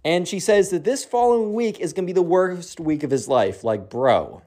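Brief: young male vlogger, excitable storyteller, lively pitch. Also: moderate pace. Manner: slangy, excitable, lots of 'bro' and 'like'. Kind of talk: casual storytime vlog.

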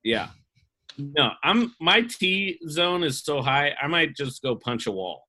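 A man's voice: on the high side, big pitch swings, slow pace, pushed and bright. A man, a guest comedian, chatting in a laid-back, self-mocking way. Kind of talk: casual chat.

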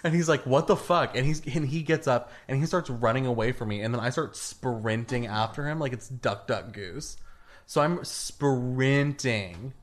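A young man co-hosting a comedy podcast, telling a story in a casual, animated way and laughing through it. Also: medium pitch, normal speed. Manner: animated, laughs through his stories, acts out quotes. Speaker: podcast co-host.

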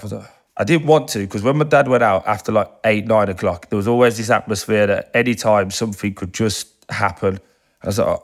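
A man's voice: lowish voice, fairly quick. A man, telling stories from his past in a casual interview, swearing freely and acting out other people's voices when he quotes them. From England. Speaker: guest, football captain.

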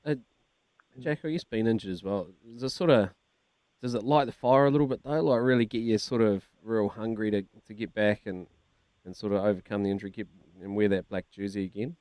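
Man, New Zealand accent, lower pitch, radio co-host, teasing, chatty. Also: fairly quick, darkish tone, dry recording. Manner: chatty, teasing, says brother and eh. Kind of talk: casual radio banter.

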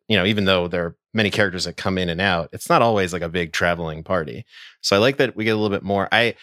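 Man podcast co-host, low voice, easygoing, dry close mic. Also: smooth, dry recording. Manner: relaxed, laughs often, rambling restarts. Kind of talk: casual chat.

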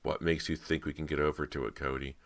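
A man's voice: extremely low pitch, little pitch movement, fast talker, a bit bright. A man voicing an anxious teenage boy in an audiobook, with a pleading, worried manner. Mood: weak worried. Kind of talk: audiobook character reading.

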